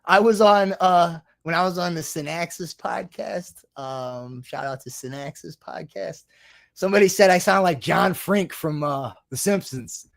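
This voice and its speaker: A man's voice: on the high side, unhurried, creaky. A man speaking as a guest researcher in a casual chat, rambling and hesitant, often trailing off.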